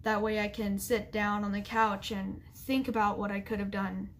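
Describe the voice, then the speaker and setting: A young woman vlogger talking straight to camera, halting and full of fillers as she fights back tears. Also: mid-range voice, flat delivery, slight background noise. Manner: halting, with many fillers and restarts. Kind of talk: emotional apology vlog.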